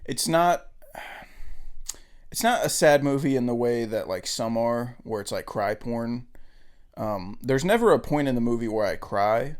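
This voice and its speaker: A man's voice: medium pitch, lively intonation, measured pace. A man co-hosting a podcast, chatting casually and enthusiastically about a movie, with frequent fillers. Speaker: podcast co-host. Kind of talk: casual film chat.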